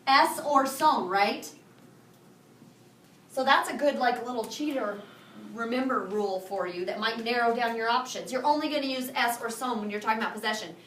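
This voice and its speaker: A woman teaching a Spanish review lesson to a high school class, firing questions and having students repeat after her. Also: moderate pace, fairly bright tone, slight background noise. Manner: drills students with call-and-response questions. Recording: echoey classroom from far off.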